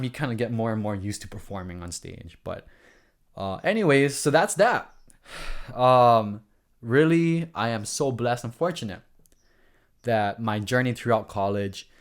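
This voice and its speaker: A man with a Hawaiian accent tells stories for his vlog in an earnest, rambling way. He often restarts his sentences and breaks off into asides. His voice sits at an ordinary middle pitch for a man. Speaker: vlogger. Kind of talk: casual storytelling vlog.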